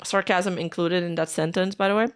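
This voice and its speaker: A woman's voice: on the low side, steady tone, a little fast, smooth. A woman streamer giving casual commentary while reading out posts, skeptical and frustrated, speaking bluntly and swearing now and then.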